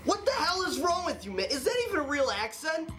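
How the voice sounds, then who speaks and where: A man's voice: very high voice, big pitch swings, brisk, noisy background, pitched above the performer's own voice. A man acting a stern, grieving father demanding names in a parody sketch, growing exasperated. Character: grieving father hunting his daughter's killers, stern.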